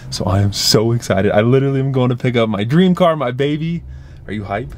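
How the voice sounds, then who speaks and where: A young man vlogging casually about his car, excitable and full of slang, talking to camera in and around the car. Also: medium pitch, a little fast. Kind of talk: casual vlog talk to camera. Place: in and around a car, partly driving. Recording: clear car and road noise.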